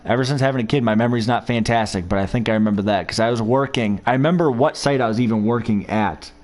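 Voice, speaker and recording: A man's voice: mid-range voice, fast, a little mellow. A man giving casual, rambling commentary while playing a football video game, reminiscing about past seasons as he goes.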